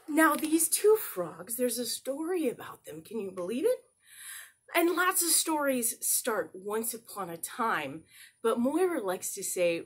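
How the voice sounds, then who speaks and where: A woman leading a children's story time, talking in an animated, coaxing way to small kids. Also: medium pitch, normal speed, breathy edge.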